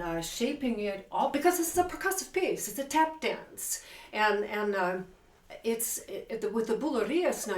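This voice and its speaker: A woman's voice: medium pitch, distant mic, slight background noise. A woman teaching piano, counting beats and singing rhythms aloud while she plays, emphatic and enthusiastic about accents and articulation. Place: room with a piano. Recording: roomy, from off-mic, loud piano. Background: piano playing.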